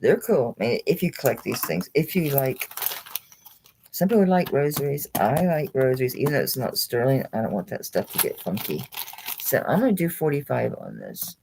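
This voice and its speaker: Woman with a very low voice and an animated, bouncy delivery, rambling chatty live-sale host. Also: moderate pace, creaky, slight background noise, poor audio. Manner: rambling, chatty, thinks aloud, laughs often, talks to viewers by name. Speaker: online jewelry seller hosting a live sale. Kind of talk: casual live-stream selling chat.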